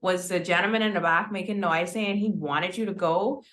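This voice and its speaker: Woman guest, bright crisp voice, talking it through, echoey room. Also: lowish voice, steady tone, normal speed. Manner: puzzled, questioning, laughs. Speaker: show guest commentator. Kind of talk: casual chat.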